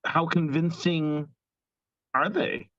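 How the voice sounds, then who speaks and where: Male co-host, higher-pitched, curious and halting, dull lo-fi audio. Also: flat delivery, fairly bright tone. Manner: curious interviewer, halting phrasing. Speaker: podcast co-host asking questions. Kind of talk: casual chat.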